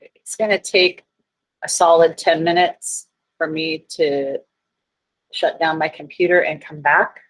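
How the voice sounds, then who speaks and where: A woman's voice: deep voice, fairly even intonation, measured pace, low-quality recording. A woman chemistry teacher giving a class lecture, chatty and self-deprecating, getting flustered by tech trouble.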